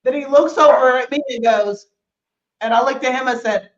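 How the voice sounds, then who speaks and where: Lively storytelling woman, roomy muffled sound. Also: high-pitched, normal speed. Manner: animated storyteller, swears casually, switches into Spanish. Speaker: host. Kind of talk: casual chat, storytelling.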